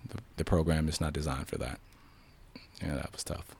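In a creaky, slightly rough bass voice at normal speed, a South Side Chicago police sergeant openly shares his story during an interview. He acts out the dialogue in an animated retelling, with frequent restarts.

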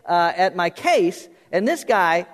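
A man's voice: sits high, big pitch swings, takes it slowly. A middle-aged man preaching a sermon as pastor, talking conversationally and directly to his congregation in a church. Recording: long hall reverb.

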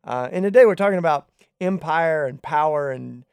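A man's voice: a little high, expressive, moderate pace, creaky, a little mellow, smooth, no echo, clean studio sound. A man co-hosting a podcast, talking earnestly and conversationally in a casual faith discussion. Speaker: podcast co-host.

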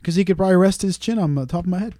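A man's voice: sits high, rapid-fire, warm tone, dry recording. Man, podcast host, profane teasing banter, dry close sound. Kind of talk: casual crude banter.

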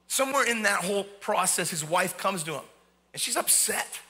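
A man's voice: high voice, lively intonation, normal speed, pushed and bright. A man preaching a sermon from a church, impassioned, rising into cries when he voices believers' words. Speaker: pastor. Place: church sanctuary.

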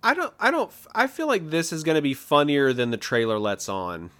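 A man's voice: fairly high pitch, big pitch swings, fairly quick, fairly bright tone. A man co-hosting a podcast, chatting loosely about movie trailers with frequent restarts and fillers. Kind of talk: casual chat.

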